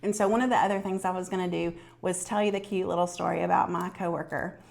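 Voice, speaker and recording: A woman's voice: lowish voice, fairly even intonation, fast, gravelly, a little mellow. A woman in her fifties vlogging to camera, chatting casually and telling stories with lots of fillers. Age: 50s. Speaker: lifestyle vlogger.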